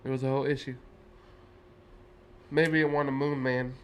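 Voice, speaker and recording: A man's voice: medium pitch, level tone, moderate pace, clear, resonant tone, highs cut off. A man co-hosting a podcast, chatting casually and laughing often as he reacts. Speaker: podcast co-host. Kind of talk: casual chat.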